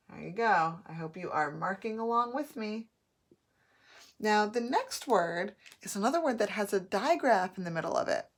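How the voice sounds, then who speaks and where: A woman teaching a phonics lesson, sounding out words slowly and clearly, syllable by syllable. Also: medium pitch.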